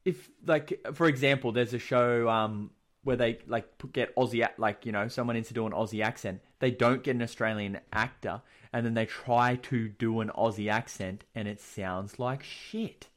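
A man's voice: mid-range voice, steady tone, moderate pace, hardly any pauses. A young man co-hosting a casual podcast chat, laid-back and slangy.

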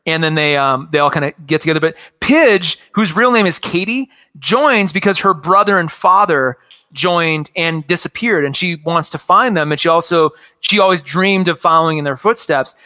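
Cartoons are the topic as a man in his forties chats eagerly, filling his rambling talk with fillers. He speaks at normal speed in a slightly high voice that sounds pushed and bright.

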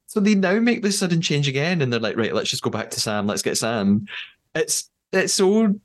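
A man with an English accent hosting a podcast, animatedly retelling events and acting out quotes. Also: medium pitch. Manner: animated storytelling, acts out quotes. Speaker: podcast host. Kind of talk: casual recap chat.

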